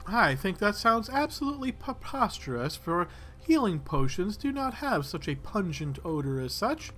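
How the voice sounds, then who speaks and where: A man's voice: high voice, big pitch swings, normal speed, fairly bright tone, voice pushed up. A man voicing an older woman who works as a midwife and apothecary, speaking politely and formally with some hesitation. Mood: prim.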